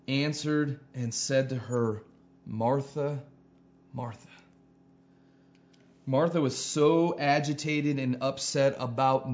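A man's voice: mid-range voice, darkish tone. A man preaching a sermon as pastor, earnest, repeating phrases and building to emphatic peaks. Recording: dull lo-fi sound.

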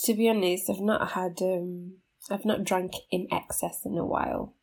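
A woman's voice: lowish voice, steady tone, moderate pace, vocal fry, a little mellow, husky. A young woman, chatting casually on a podcast in a laid-back, teasing way. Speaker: podcast co-host. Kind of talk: casual chat.

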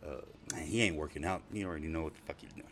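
A man's voice: extremely low pitch, quick pace, fairly bright tone, slight background noise. A middle-aged man telling casual, profane stories, rambling and laughing often. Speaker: storyteller. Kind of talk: casual spoken storytelling.

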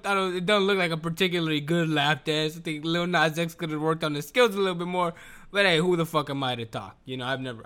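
A man's voice: a little high, pushed and bright, clear, resonant tone. A man chatting to his viewers in a loose, profane, rambling rant, often restarting his sentences. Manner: rambling, profane, keeps restarting, bursts into laughter. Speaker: video commentator.

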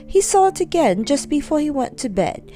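A woman reading a children's story aloud, expressive and storytelling. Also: high voice, normal speed, faint music behind.

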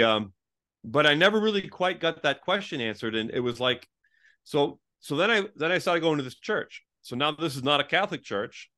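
A man in his fifties telling his life story as an interview guest, animated and conversational, often saying "like" and acting out what people said. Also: medium pitch. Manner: animated, fills with "like", acts out quoted people in a raised voice. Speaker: interview guest, former pastor.

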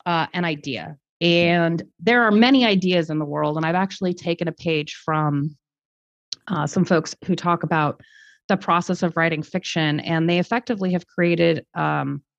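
A woman with a lowish voice talks in an articulate, reflective way, stopping to rephrase and adding fillers as she thinks. The sound is dry and a little dull, with no room around it. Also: moderate pace, gravelly, dry recording. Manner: thoughtful, articulate, with fillers and restarts. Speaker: guest speaker. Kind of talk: conversational podcast interview. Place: lives in Germany.

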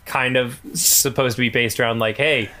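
A man's voice: mid-range voice, fairly even intonation, normal speed, sharp tone. A man in casual movie chat, adding joking comments and short agreements. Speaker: podcast co-host.

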